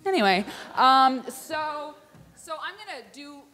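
A woman in her thirties who performs spoken word poetry and chats casually with high school students in a self-deprecating way. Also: slow pace. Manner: chatty, self-deprecating, expressive poetry reading. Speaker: writer and performer.

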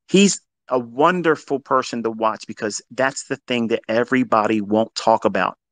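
A man teaching trading in a live audio talk, blunt and heavily profane, swinging between loud emphatic bursts and quieter asides. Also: on the low side, no echo. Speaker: trading educator.

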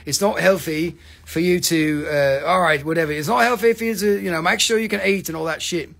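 A man hosting a live stream that sells crystals, talking in an excitable, joking, profane and rambling sales patter. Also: fairly high pitch, a little fast, vocal fry.

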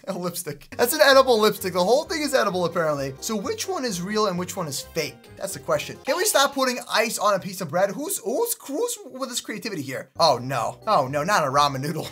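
A young man hosting a casual reaction video, excitable, slangy and joking as he exclaims at what he sees. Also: high voice, breathy edge. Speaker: YouTube host reacting to videos.

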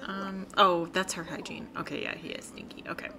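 A woman's voice: lowish voice, a little fast, crowd noise. A woman giving chatty, sympathetic gameplay commentary, full of fillers, as host of her let's play series. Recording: steady background noise.

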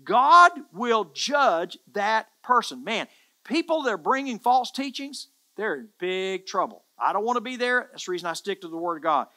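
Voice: mid-range voice, big pitch swings, brisk, fairly bright tone. A pastor preaching a sermon in an earnest, emphatic way, often repeating phrases for stress.

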